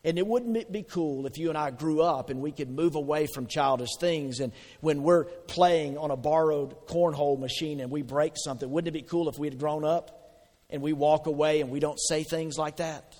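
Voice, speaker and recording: Male pastor, slightly high voice, chatty sermon delivery with questions to the room, long hall reverb. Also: moderate pace, a little mellow. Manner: conversational preaching with questions to the congregation.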